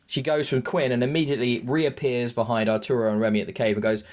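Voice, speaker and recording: A man co-hosting a podcast, chatting casually and excitably on a headset mic, acting out the scenes he describes. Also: mid-range voice, fast talker, crowd noise. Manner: excitable, jokey, acts out scenes. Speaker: podcast co-host. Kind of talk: casual recap chat.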